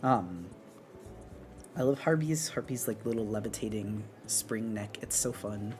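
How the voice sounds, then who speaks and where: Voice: medium pitch, unhurried, noisy background. Rambling streamer chatting while drawing. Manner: rambling, many fillers and restarts. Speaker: art streamer. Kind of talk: casual chat while drawing. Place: apartment on an upper floor.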